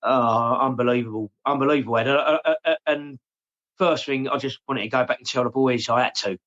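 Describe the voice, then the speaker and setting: An English man in his forties, talking openly and haltingly in an interview, often repeating his words and saying "mate". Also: medium pitch, a bit bright, muffled recording. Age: 40s. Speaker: podcast guest. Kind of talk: emotional personal interview.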